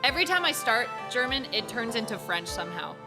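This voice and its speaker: A woman's voice: fairly high pitch, a little fast. Giggly American woman streamer. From United States. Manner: animated and giggly, with lots of "like". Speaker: gaming streamer. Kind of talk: casual gameplay commentary. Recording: game music in the background. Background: game music.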